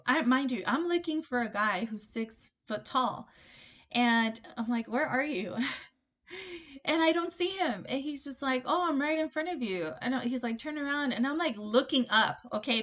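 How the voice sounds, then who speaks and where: This is a woman hosting a casual podcast, telling a story from her dating life. Her voice sits a little high, and her delivery is loose and chatty, with lots of little laughs. She acts out the lines of everyone in the story as she goes. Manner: chatty, animated, laughs often, quotes herself and others. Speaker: podcast host.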